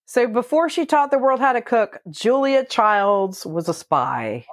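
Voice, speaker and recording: A woman's voice: a little high, expressive, a little slow, no echo. Dry, matter-of-fact woman. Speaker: co-host presenting facts. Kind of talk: casual comedic chat, reading out facts.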